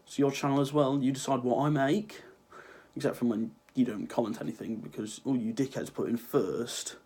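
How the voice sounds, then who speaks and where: A man's voice: medium pitch, fairly even intonation, normal speed, warm tone, breathy edge. A teenage lad with a cold, sniffling through a rambling, sarcastic rant to his viewers. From Ireland. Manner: sarcastic, rambling, swears freely. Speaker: vlogger. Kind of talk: casual ranting vlog.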